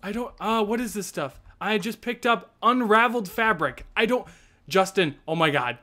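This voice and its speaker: Man, high-pitched voice, casual let's play chat, rambling, jumpy, panicky. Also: lively intonation, normal speed, sharp tone.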